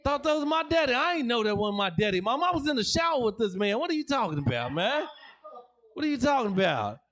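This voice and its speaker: A man's voice: very high voice, sing-song, fast talker, a bit bright, a little hiss or hum. A man performing a slangy stand-up set in a comedy club, telling family stories and acting out relatives. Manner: storytelling, slangy, acts out family members.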